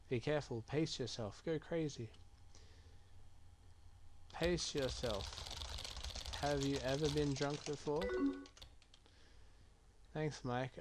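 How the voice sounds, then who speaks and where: A man plays through a chat-based game and reads message options aloud in an unhurried, mumbling way. His voice sits at an ordinary pitch. Keyboard typing clicks are clearly audible under his talk. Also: background noise. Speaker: gaming streamer.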